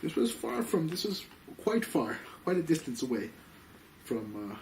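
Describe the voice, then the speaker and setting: A man teaching a Torah class as a rabbi, telling stories excitably, dropping in Yiddish and Hebrew terms and acting out the people in them. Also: normal speed. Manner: excitable, acts out quoted people with sudden jumps in pitch. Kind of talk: animated storytelling Torah class. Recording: distant mic with faint background noise.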